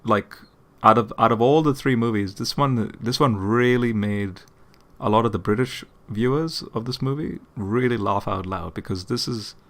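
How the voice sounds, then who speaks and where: This apologetics channel host has a somewhat low voice and talks at normal speed with hardly any pauses, explaining a point in a relaxed way. He repeats words, restarts phrases, and often asks "okay?" before going on.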